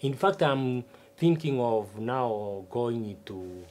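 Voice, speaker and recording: A stubborn old farmer, swooping lively voice, self-important asides. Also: male voice, mid-range voice. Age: older. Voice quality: animated, drawn-out rhetorical asides. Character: older retired farmer, stubborn and boastful. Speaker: substitute teacher. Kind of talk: TV sitcom acting.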